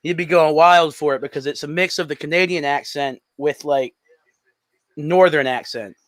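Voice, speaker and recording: An easygoing man from North Carolina talks as a guest on a call, his voice a bit high for a man. The sound is dry and close, and he often replies with short agreements. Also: normal speed, a bit bright, no room sound. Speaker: guest musician. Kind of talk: casual interview chat. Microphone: call audio.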